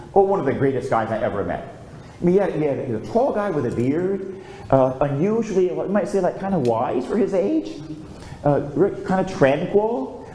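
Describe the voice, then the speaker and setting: Older priest telling a story in a sermon. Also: male voice, on the high side, warm tone, a little hiss or hum. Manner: storytelling, calls for amens. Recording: echoey room with faint ambience.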